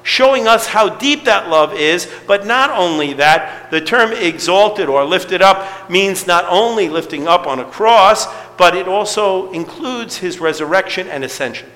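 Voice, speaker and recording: A man's voice: high-pitched, expressive, measured pace, few pauses, pushed and bright, long reverb tail, low-quality recording. A middle-aged man preaching a sermon to his congregation in a conversational way, asking rhetorical questions. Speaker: pastor.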